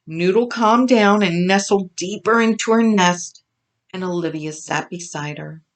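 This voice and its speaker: A woman reading a children's farm story aloud, expressive and gentle. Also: on the low side, a little slow. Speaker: storybook reader.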